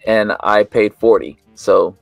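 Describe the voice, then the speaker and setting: A man's voice: on the low side, fairly even intonation, slow, vocal fry, no room sound, faint music behind. A man co-hosting a casual toy talk show, laid-back and a bit hesitant, often restarting his sentences. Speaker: co-host of a toy news show. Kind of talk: casual chat.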